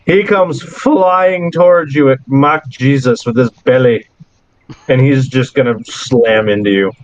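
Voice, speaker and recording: A man's voice: mid-range voice, measured pace, poor audio. A man narrating a tabletop role-playing game as game master, breaking into laughs between rambling descriptions.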